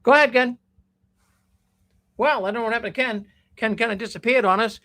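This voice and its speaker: A man's voice: extremely high pitch, brisk, bright, forceful tone. A man hosting a call-in show, talking in a folksy, casual way and thanking callers. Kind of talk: casual call-in radio talk.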